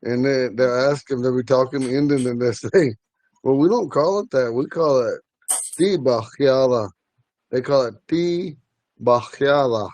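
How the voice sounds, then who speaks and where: A man teaching a language class, telling stories in a relaxed way and laughing often. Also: mid-range voice, moderate pace, no echo. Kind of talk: casual storytelling in class.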